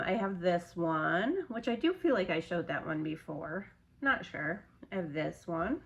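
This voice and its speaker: A young woman talking casually and off the cuff, filling gaps with ums and likes. Her voice sits at an ordinary middle pitch, and she rambles easily as she goes. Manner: loose, rambling, with frequent fillers and restarts. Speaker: crochet seller showing her stock. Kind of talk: casual chat.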